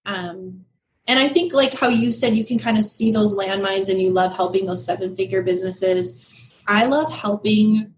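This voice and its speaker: A woman guest in a podcast interview, talking candidly and animatedly with frequent laughter and quick asides. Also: medium pitch, steady tone, a little hiss or hum, poor audio. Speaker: guest, business founder. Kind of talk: casual interview conversation.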